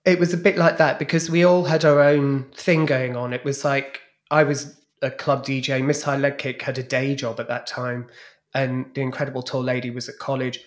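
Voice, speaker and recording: This man, a former drag performer and club DJ, is being interviewed for a podcast and recalls his old stage acts in frank, bawdy anecdotes. His mid-range voice keeps a moderate pace, and his delivery is animated.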